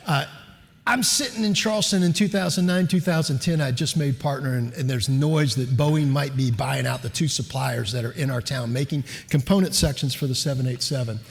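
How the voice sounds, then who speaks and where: A middle-aged man giving a keynote speech, telling a personal story in a relaxed, conversational way with fillers, in a reverberant lecture hall. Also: medium pitch, brisk, gravelly. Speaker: keynote speaker, lawyer.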